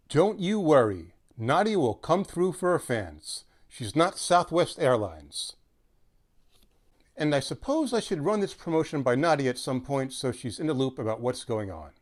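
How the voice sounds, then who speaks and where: A man's voice: mid-range voice, a little mellow. A man talking as a guest astrologer in a sardonic, wisecracking comic monologue.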